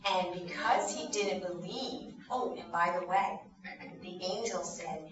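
Woman in her 50s doing a bible story for kids, lively, lots of questions, sounds far off in an echoey room. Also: on the low side, measured pace. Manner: animated, asks the children questions. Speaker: children's Bible teacher. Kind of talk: storytelling lesson for children. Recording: echoey room, distant dull mic, noisy.

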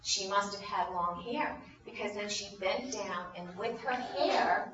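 A woman's voice: mid-range voice, unhurried. A woman telling a Bible story to a group of children, asking them questions as she goes. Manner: animated, asks the children questions. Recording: roomy, distant, dull sound.

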